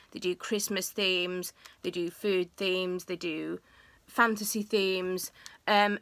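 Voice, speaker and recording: A woman talks through a beauty tutorial in a loose, chatty way, pausing on ums and correcting herself as she goes. Her voice is bright and forward. The recording is close and dry, with no room sound. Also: medium pitch, no room sound. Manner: chatty, with frequent um fillers and self-corrections. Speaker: makeup artist and beauty vlogger. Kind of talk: casual beauty tutorial talk.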